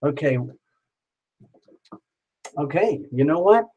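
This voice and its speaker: A man hosting a live tarot reading stream, talking in a chatty, excitable way and joking with his viewers. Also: a little high, slow pace, a little hiss or hum, poor audio. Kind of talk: casual live-stream chat.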